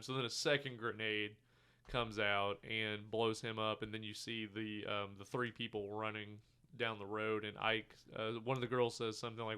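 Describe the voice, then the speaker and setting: This podcast co-host, chatting casually about a movie, retells its scenes with animation and performs the characters' quotes, swearing freely. He speaks at normal speed in a slightly low voice that is still bright and smooth.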